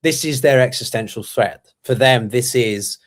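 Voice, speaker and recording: A man speaking as a guest analyst in a conversational way, measured but full of ums and restarts. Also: medium pitch. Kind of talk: conversational commentary.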